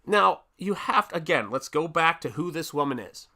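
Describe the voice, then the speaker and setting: A man's voice: fairly high pitch, lively intonation, normal speed, sharp tone. A middle-aged man hosting a live stream, telling a story in a casual way and repeating words for emphasis. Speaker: livestream host.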